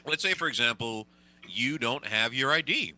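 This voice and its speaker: A man's voice: mid-range voice, expressive, normal speed, pushed and bright, slight background noise. A male podcast host leading a loose, jokey chat. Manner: loose, jokey, talks while eating. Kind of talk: casual chat.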